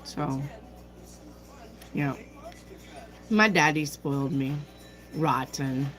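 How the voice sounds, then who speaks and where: A woman's voice: sits low, very slow, a bit bright, faint music behind, rough recording. A woman hosting a tarot livestream, chatting casually, telling a personal story and answering viewer comments. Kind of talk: casual chat with live chat.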